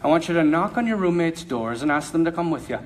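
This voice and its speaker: A man voicing a kindly old Irish priest who speaks low, calm and gently teasing as he retells a confession. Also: fast, slight background noise, lightly acted. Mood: coaxing.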